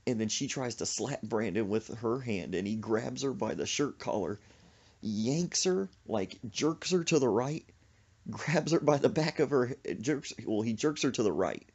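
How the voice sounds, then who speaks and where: A male comedian telling a story on a podcast, animated and exaggerated, throwing in sound effects. His pitch swings up and down widely. The recording is dull and lo-fi. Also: measured pace, breathy edge.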